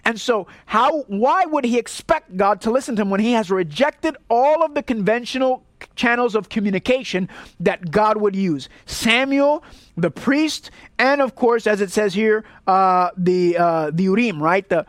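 A man's voice: high voice, animated, unhurried, no room sound, clean studio sound. A male pastor from Puerto Rico preaching a sermon in an earnest, rhetorical way, often checking in with "right?".

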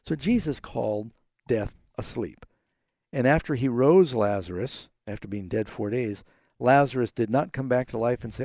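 Radio Bible host, male, gravelly and mellow, earnest explainer, dry studio sound. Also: mid-range voice, moderate pace, no echo. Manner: earnest, explanatory, quotes scripture in animated bursts. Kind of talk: call-in Bible answers.

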